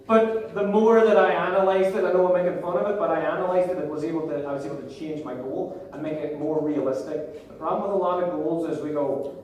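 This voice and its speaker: This motivational speaker is a man in his thirties from Northern Ireland whose voice is a little high and a little mellow. In a live seminar he jokes playfully and directs the crowd, captured from far away in a large, echoey hall with background noise.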